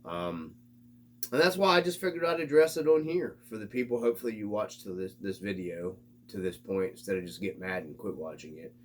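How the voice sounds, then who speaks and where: A man's voice: lowish voice, lively intonation, a little fast. A man hosting his own hobby vlog, ranting in an exasperated, casual way and swearing freely. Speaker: RC hobby channel host.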